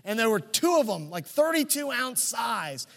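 A man with a high-pitched voice preaching a sermon, easing into a personal story with a conversational, humorous touch. His voice rings with the long reverb of a large church sanctuary. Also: sing-song, normal speed, vocal fry, fairly bright tone. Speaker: pastor.

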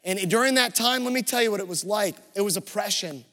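A pastor with a high, bright voice preaches a sermon to his congregation. He tells stories with energy. The sound carries a long echo from a large sanctuary. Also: quick pace. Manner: lively storytelling preacher.

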